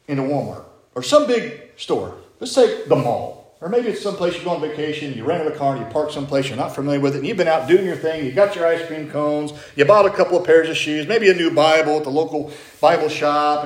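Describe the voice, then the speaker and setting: A middle-aged man, a pastor, preaching a sermon in a chatty way and putting questions to his congregation. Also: a little high. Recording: echoey church room.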